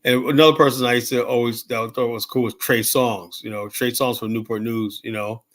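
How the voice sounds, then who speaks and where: A man's voice: mid-range voice, fairly even intonation, brisk, a bit bright. A man in his fifties telling rambling stories in casual talk, swearing freely and full of fillers and restarts. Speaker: show host telling stories.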